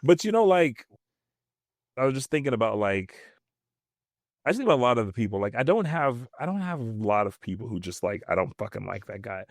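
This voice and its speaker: A man co-hosting a casual podcast, talking quickly and thinking out loud with fillers and restarts. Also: medium pitch, sing-song, no room sound, clean studio sound. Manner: quick, self-reflective, many fillers and restarts. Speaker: podcast co-host. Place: podcast studio.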